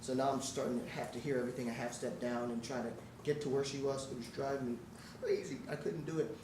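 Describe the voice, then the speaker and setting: A male musician spins stories for a live audience and breaks into scatted melodies as he acts out the people in them. He sits at an ordinary pitch, well back from the microphone. The room is echoey and carries steady background noise. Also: fast talker. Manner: animated storyteller who scats melodies and acts out quotes. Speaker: guest musician answering audience questions. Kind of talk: storytelling at a live Q&A. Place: indoor music shop event space. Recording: roomy, distant, noisy live room.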